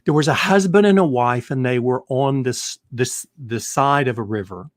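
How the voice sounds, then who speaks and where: Speaking straight to his viewers in clean studio sound with no room tone, a man hosts a retirement planning show in a mid-range voice at normal speed. He tells a long parable earnestly, repeating himself as the story unfolds.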